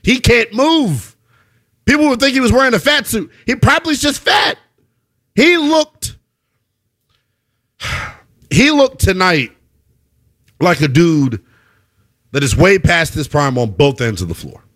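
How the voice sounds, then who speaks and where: A man hosting a post-game basketball show, giving emphatic, animated analysis and repeating points for effect. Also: sits high, a little slow, long pauses. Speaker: sports show host.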